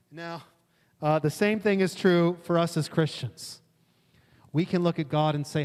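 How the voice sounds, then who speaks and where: Male pastor, fairly high voice, casual storytelling sermon, long hall reverb. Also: measured pace, a little mellow, clear, resonant tone. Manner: conversational, acts out quotes in casual voices. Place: church sanctuary.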